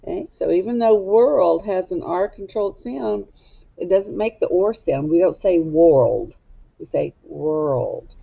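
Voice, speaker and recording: A woman teacher giving a recorded phonics lesson to young children, spelling words out letter by letter and sounding them out deliberately. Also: medium pitch, gravelly, slightly rough. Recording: dull lo-fi recording.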